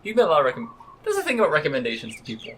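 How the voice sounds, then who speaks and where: Man, podcast co-host, fast talker, lively pitch, easy laugh. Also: breathy edge. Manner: quick, lively, laughs easily. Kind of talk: casual chat.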